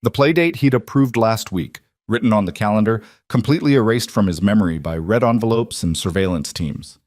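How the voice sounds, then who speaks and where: A man narrating a scripted drama story in a measured, terse way, recorded close on a studio mic. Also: fairly low pitch, darkish tone, dry recording.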